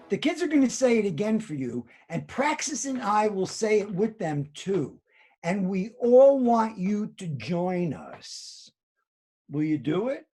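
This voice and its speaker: A male drama teacher leads children through voice warm-ups, speaking slowly and patiently. His tone is a little husky, and his pitch rises and falls freely as he counts and models each sound. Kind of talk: guided classroom instruction.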